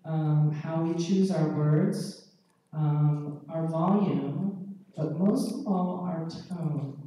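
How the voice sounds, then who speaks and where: A woman pediatrician giving a measured, explanatory conference lecture and often checking in with the audience. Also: low-pitched, warm tone. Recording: echoey hall, mic far off.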